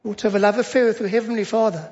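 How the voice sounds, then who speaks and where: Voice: mid-range voice, fairly even intonation, very fast, a little mellow. A preacher giving a sermon, emphatic and fond of repeating short phrases for stress. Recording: dull lo-fi recording.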